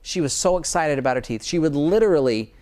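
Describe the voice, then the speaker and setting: A dentist talks in a conversational interview, his fairly high, mellow voice animated and fast. He speaks earnestly and often repeats words as he begins a thought.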